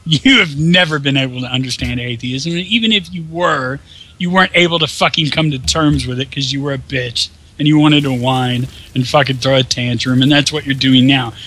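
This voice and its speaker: A man's voice: mid-range voice, brisk, sharp tone. A man co-hosting a gameplay video, chatting casually, mocking and swearing often. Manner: crude, mocking, laughs often. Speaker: let's play co-host. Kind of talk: casual profane banter.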